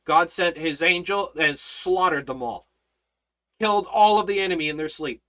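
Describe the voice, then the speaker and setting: A Bible study teacher speaks in a casual teaching style, swinging between hushed remarks and loud rhetorical questions, repeating phrases for emphasis. His delivery is emphatic, at medium pitch and a moderate pace.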